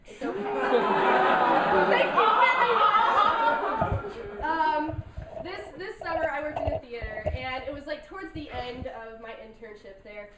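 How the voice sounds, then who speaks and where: Young woman comic, high voice, giggly, chatty, echoey hall heard from far off, noisy. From North Carolina mountains. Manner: giggly, chatty, self-deprecating, laughs between lines. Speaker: stand-up comedian. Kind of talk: stand-up comedy set. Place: large hall with an audience.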